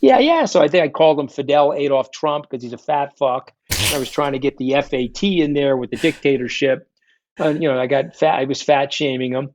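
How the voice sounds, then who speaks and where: A middle-aged man, a guest telling stories in an interview, blunt, combative and quick to swear. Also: medium pitch, steady tone, background noise. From New York. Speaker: guest, fund founder. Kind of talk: candid storytelling interview. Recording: dull, dry lo-fi sound.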